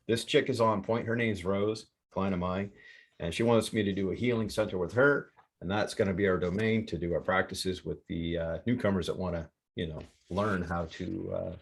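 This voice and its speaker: A man hosting a podcast, telling a rambling story in casual chat with heavy swearing and lots of excitement. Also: low voice, breathy edge. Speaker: podcast host. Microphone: remote call setup.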